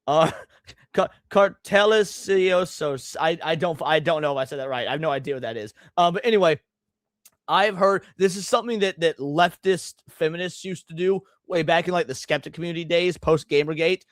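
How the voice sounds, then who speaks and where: A man's voice: a little high, a little fast, no room sound, clean studio sound. A man hosting a live stream, reacting to clips with blunt, profane, emphatic rants. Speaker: streamer host.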